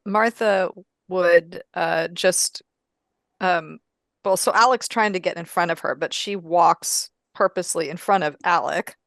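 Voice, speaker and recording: A woman's voice: fairly low pitch, a little slow, gravelly, no room sound. A woman playing a tabletop game, rambling and correcting herself as she describes her character's actions. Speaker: player. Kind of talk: casual narration of her character.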